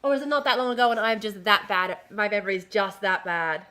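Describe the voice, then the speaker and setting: Chatty bright-voiced woman streaming. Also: medium pitch, fast talker. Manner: chatty, easily distracted, swears casually, frequent restarts. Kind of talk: casual live-stream chat.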